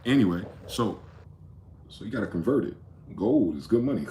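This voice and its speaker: A man's voice: sits low, animated, normal speed, pauses often, mellow, echoey room, a little hiss or hum. A man hosting a rambling late-night monologue, profane and conspiratorial in tone, with many asides. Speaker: host.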